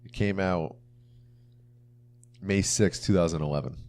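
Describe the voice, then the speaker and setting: A man's voice: low voice, measured pace, darkish tone. A young man co-hosting a casual movie review chat, rambling with lots of fillers. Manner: rambling, filler-heavy, mimics movie lines. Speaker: podcast co-host.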